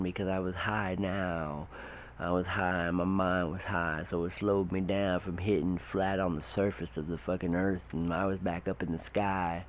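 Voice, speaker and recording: A man telling a rambling, profane tall tale in a casual way, his voice shooting up high when the story gets excited. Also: moderate pace, slight background noise. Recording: dull lo-fi recording.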